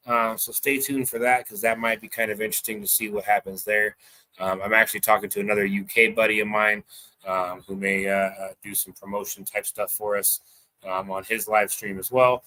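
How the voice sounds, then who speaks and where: The host, a man from the United States, has a lowish voice. His casual livestream chatter is excitable and meandering, with plenty of swearing and fillers.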